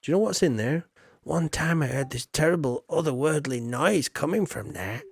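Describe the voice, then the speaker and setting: Man reading out a wary villager, raised pitch. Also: lively intonation, moderate pace, creaky, breathy edge, exaggerated voice. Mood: curious.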